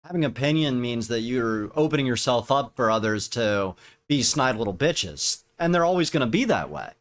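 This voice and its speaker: A man's voice: mid-range voice, lively intonation, moderate pace. A man co-hosting a podcast, talking bluntly and crudely in casual banter. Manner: blunt, crude, provocative talk. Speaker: podcast co-host.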